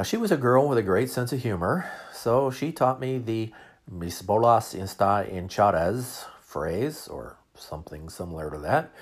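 A man's voice: fairly low pitch, darkish tone, breathy edge. A man in his forties, a podcast host, telling a humorous story in a wry, self-mocking way.

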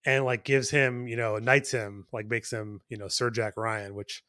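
A man's voice: medium pitch, flat delivery, moderate pace, bright, forceful tone, dry recording, clean studio sound. Rambling man on a podcast. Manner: rambling, many restarts and "like". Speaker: podcast co-host. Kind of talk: casual chat.

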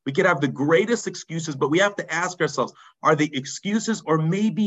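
A man, a rabbi telling a story in a mussar sermon, dropping low and quiet for emphasis. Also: animated, moderate pace, breathy edge, low-quality recording. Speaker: rabbi teaching a mussar class.

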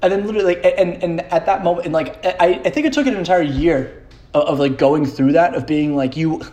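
Young man, podcast host, rambling solo chat, swears a lot, laughs often, slightly high voice. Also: fairly quick, a little mellow. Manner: profane, self-mocking, laughs often.

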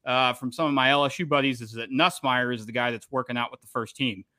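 Bright-voiced opinionated sports podcaster. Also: male voice, medium pitch, quick pace, dry recording, clean studio sound. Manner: opinionated, animated. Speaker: podcast host. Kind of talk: casual sports chat.

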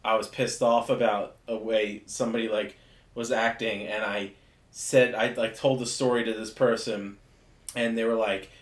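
A young man with a Jersey-Philly accent chats casually as a podcast co-host. He talks haltingly, breaking off and starting over mid-thought. The recording carries a roomy echo. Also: fairly low pitch, level tone. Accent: Jersey/Philadelphia. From northeastern United States. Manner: hesitant, trails off and restarts often.

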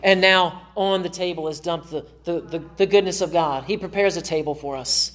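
A man's voice: a little high, moderate pace, a bit bright. Man, pastor, sermon, earnest conversational preaching, church. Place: church sanctuary.

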